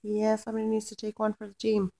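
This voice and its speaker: A woman's voice: medium pitch, monotone, fast talker, gravelly, mellow. A young woman venting in a rambling, exasperated way, swearing often and restarting her sentences as she tells about her week. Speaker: vlogger. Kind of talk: casual rant to camera.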